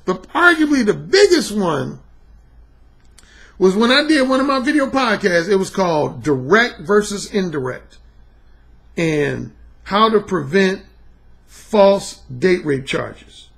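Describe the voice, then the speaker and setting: A middle-aged man holds forth on his own podcast in a casual, blunt monologue. His voice sits high and gravelly, and his pitch swings all over as he hammers his points home with profanity. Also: slow. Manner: emphatic, blunt, profane, animated. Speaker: podcast host and dating coach.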